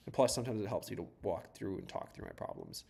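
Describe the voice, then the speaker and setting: A startup founder from south of Boston codes on a livestream, chatting and rambling, laughing often and swearing casually. His low, gravelly voice is a little mellow and husky, with huge pitch swings and a quick pace.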